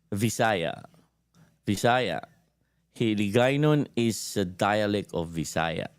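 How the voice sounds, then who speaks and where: A low-pitched man hosts a casual livestream about language. He switches between languages mid-sentence, pausing on fillers and restarting phrases as he works through his points. His voice sounds dry and close, with no room around it. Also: darkish tone, clear, resonant tone, no echo. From Zamboanga, Philippines. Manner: mixes languages, many fillers and restarts, thinks aloud. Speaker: host of a language page.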